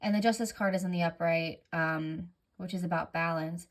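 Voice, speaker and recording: This tarot reader, a woman, speaks at a moderate pace in a low-leaning, steady voice. Her casual reading is rambling and full of fillers, she corrects herself frequently, and her heavy breathing is audible.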